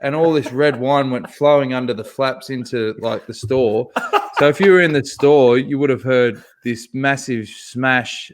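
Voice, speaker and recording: Male podcast co-host, mid pitch, animated profane storyteller. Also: normal speed. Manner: animated, swears freely, laughs through his own story. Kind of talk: casual storytelling chat.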